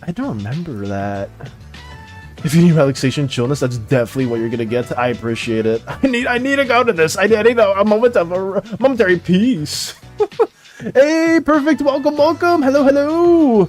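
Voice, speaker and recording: Streamer type, male, playfully dramatic, high voice, soft music underneath. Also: animated, fairly quick. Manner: dramatic, playful, laughs often. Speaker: art streamer. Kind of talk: casual live-stream chat.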